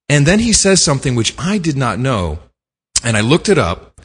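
A man co-hosting a podcast, telling stories in a casual, animated and indignant way. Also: medium pitch, fairly quick, husky, long reverb tail. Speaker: podcast co-host. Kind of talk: casual chat.

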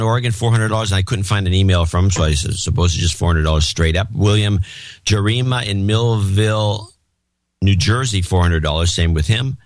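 Male podcast co-host, low voice, dry sound, chatty and self-interrupting. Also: no room sound. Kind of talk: casual chat, reading donor notes.

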